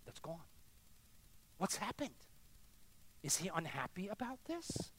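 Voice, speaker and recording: Animated preacher man, lively pitch. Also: measured pace, pauses often, no echo. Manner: emphatic, swings between quiet confession and loud insistence. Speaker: pastor. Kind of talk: sermon.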